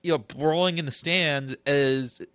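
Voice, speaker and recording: A man co-hosting a podcast in casual chat, thoughtful and halting as he recalls details. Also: on the high side, a bit bright, no room sound. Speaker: podcast co-host.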